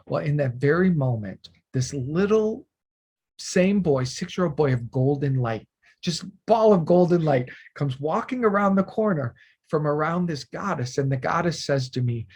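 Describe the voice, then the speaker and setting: Husky man telling a heartfelt story. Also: a little high, lively intonation, normal speed. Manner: earnest, emotional, with many restarts and soft drops in volume. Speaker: spiritual teacher. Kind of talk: personal storytelling.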